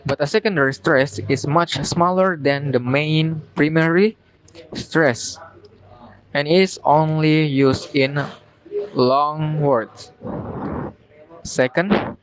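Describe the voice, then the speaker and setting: A young man with an Indonesian accent, a student giving a recorded class presentation and reading slowly and carefully with pauses between phrases. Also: on the high side, rough recording. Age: young adult.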